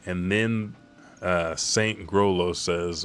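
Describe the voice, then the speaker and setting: A man recapping a comic chapter in casual talk, reading the characters' lines aloud with excited jumps in his voice and casual swearing. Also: deep voice, takes it slowly, clean tone. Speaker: manga chapter reviewer.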